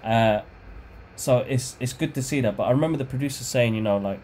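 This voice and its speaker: A man's voice: mid-range voice, fairly quick, slight background noise. Laid-back man saying "bro". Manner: relaxed, rambling, says "bro" a lot, self-correcting. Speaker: podcast co-host. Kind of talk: casual chat.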